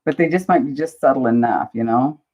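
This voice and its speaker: A woman's voice: rumbling low, brisk. A woman hosting a casual crafting livestream, flustered and self-deprecating, chatting to her viewers while she works. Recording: dull lo-fi livestream audio.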